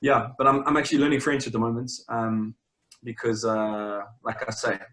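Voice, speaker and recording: A man's voice: medium pitch, flat delivery, moderate pace, fairly bright tone. A young South African man with a South African accent, chatting casually as an interview guest, rambling with lots of fillers and restarts. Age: young adult. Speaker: interview guest, champion swimmer. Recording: roomy, echoey sound.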